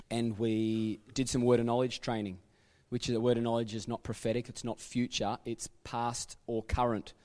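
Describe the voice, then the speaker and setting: A man's voice: on the low side, a little mellow, in a large hall. A man with an Australian accent preaching a sermon as a church pastor, telling stories in a chatty way full of asides and self-corrections. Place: church sanctuary.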